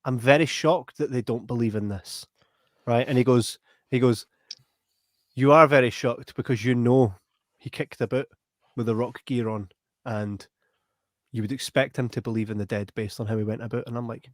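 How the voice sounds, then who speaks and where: Here's a medium-pitched young Scottish man at a moderate pace, hosting a podcast and casually meandering through a long story. He's animated and keeps throwing in "right?". There's no echo, and the recording is studio quality.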